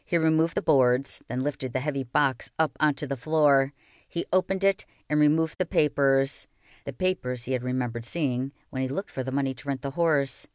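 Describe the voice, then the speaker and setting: A woman reading a children's novel aloud with slow, expressive storytelling. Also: a bass voice, clean tone, dry recording, studio quality. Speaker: reader.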